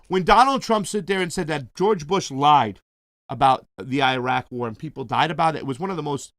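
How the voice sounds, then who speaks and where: A man's voice: a little high, a little fast, a bit bright, no room sound, clean studio sound. A man hosting a casual political commentary show, talking informally and animatedly to his viewers.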